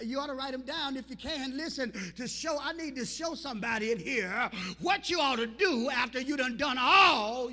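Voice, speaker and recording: A pastor, a young adult man, preaches in a very high, bright, ringing voice. He calls out to the congregation and climbs from low, talky passages into shouted, half-sung cadences. The sound carries the long reverb of a church sanctuary. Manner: call-and-response preaching, rising to shouts and sung phrases. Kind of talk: preached sermon.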